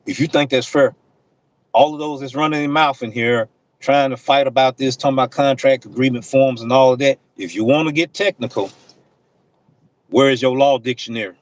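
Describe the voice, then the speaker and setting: A delivery driver addresses his livestream viewers directly, speaking in impassioned, preachy, slang-heavy casual talk. His voice is mid-range and brisk, and the recording is rough.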